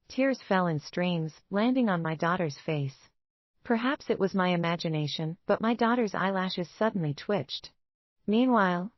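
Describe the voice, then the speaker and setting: A woman with a lower voice tells a first-person romance story in a steady, dramatic way. The sound is dry and a little dull, like a lo-fi recording. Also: no echo. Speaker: narrator.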